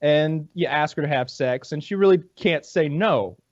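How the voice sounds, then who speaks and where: An American man in a casual comedic podcast chat, delivering absurd bits deadpan. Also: a little high, normal speed, dry recording, highs cut off. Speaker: podcast co-host.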